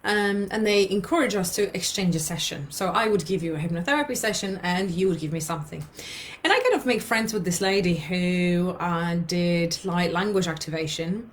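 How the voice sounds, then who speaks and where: A woman from Poland telling a personal story in a chatty way that circles back on itself, with a lot of fillers and repeats. Her voice sits a little low for a woman. She comes across as an emotional, open storyteller. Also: moderate pace, slight background noise. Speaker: hypnotherapist and podcast host. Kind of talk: personal storytelling, casual monologue.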